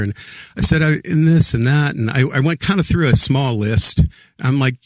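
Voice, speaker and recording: A middle-aged man tells his story as a guest in a casual interview. He talks earnestly and haltingly, stumbling over and repeating his words. His pitch is ordinary, and the sound is close and completely dry with no room echo. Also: a bit bright. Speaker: podcast guest.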